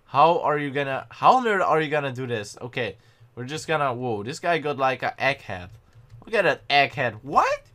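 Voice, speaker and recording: Excitable bright-voiced young man gaming. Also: mid-range voice, normal speed. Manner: excitable, panicky outbursts and self-mocking. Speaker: gaming channel host. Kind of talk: gameplay commentary.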